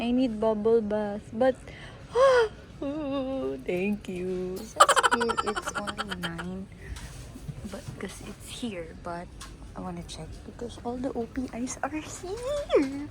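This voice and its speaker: A woman talks to her phone camera as she strolls past shops, slow-paced and bubbly, giggling between remarks. Her voice sits a little high, and loud street noise fills the background. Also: huge pitch swings. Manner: chatty, giggly, exclaims often. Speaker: vlogger. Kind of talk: casual travel vlog. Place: outdoors on a busy street and in shops.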